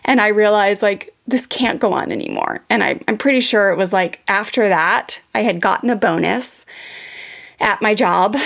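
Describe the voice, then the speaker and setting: A podcast host in her thirties, with a mid-range, creaky voice, shares a personal parenting story with her listeners. She's candid and animated, her telling full of fillers and restarts.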